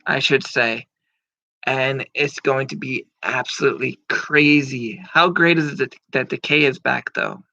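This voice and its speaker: A wrestling commentator in his thirties rambles through casual wrestling predictions, using frequent fillers and swearing casually. His mid-range voice sounds pushed and bright, in a muffled, lo-fi, dry recording with no room sound.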